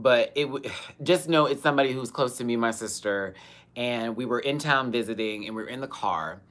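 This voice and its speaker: Very low-voiced, sassy young woman. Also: fairly bright tone. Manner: sassy, profane and dramatic, breaking into laughter. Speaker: host of a live Q&A show. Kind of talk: casual storytelling on a livestream.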